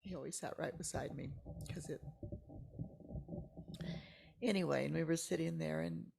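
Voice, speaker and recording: Older woman, gravelly and husky, halting emotional storyteller, slips into near-whispers. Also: sits low, a little mellow. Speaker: church member guest. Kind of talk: personal storytelling interview.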